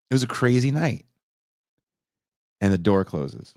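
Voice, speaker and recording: Low-voiced man telling a wild story. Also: takes it slowly, pauses often, no room sound, studio quality. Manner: animated, profane, jumps into high voices for emphasis. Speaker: podcast host telling a story. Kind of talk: casual storytelling.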